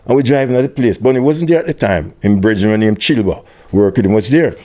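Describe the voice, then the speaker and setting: An older Jamaican man telling an animated story in an interview, with patois phrasing, acting out other people's voices. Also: quick pace. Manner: animated storyteller, acts out quoted voices at high pitch. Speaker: interviewee, music tour manager.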